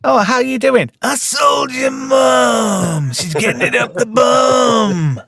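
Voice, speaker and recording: A man putting on a crude, gleeful male alien junk dealer in a high, squawking shout. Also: slow, gravelly, crowd noise, heavily acted.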